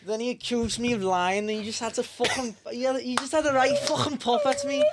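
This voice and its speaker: A man's voice: very high voice, expressive, fairly quick, background noise. A man putting on a British accent to reenact a drunken, swearing referee's rant for laughs. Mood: mock rant. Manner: mock-angry, swearing, exaggerated accent.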